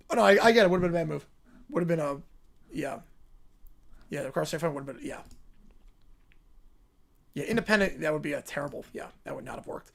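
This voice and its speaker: A man's voice: brisk, vocal fry, long pauses. Laid-back male livestream host. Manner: relaxed, low-key, reading chat messages. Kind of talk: casual live-stream chat.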